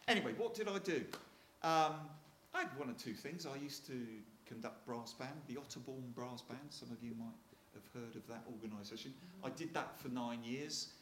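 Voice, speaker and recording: Speaking at medium pitch and a moderate pace with few pauses, a Hampshire-accented retired Royal Marine in his sixties recounts chatty stories for an audience, chuckling and often starting over. His tone is a bit bright. Reverb is present, along with slight background noise.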